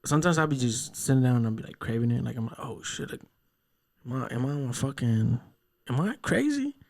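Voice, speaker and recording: A young man hosting a casual podcast, rambling through stories with lots of swearing and quick put-on voices for the people he quotes. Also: mid-range voice, darkish tone. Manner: rambling storyteller, heavy cursing, acts out voices in quotes. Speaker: podcast host.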